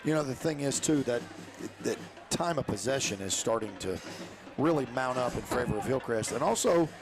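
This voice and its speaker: A man giving enthusiastic color commentary on a high school football broadcast, animated and quick to talk over the others. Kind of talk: casual sports banter.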